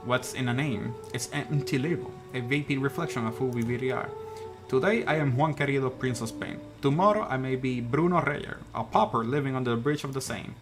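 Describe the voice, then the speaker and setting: A man voicing a suave male con-man bird who poses as a Spanish prince and tells things as a smooth, theatrical story. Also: medium pitch, fairly quick, close to an everyday voice. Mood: storytelling. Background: game music.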